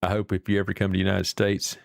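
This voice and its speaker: A man's voice: deep voice, completely flat delivery, fast talker, vocal fry, no room sound, clean studio sound. A man with an Appalachian accent hosting a live stream and chatting casually with viewers in a folksy, rambling, salty way. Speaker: livestream host.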